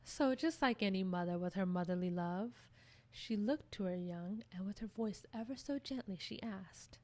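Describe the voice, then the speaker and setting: A woman storyteller reading a children's story aloud in an expressive, measured way. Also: mid-range voice.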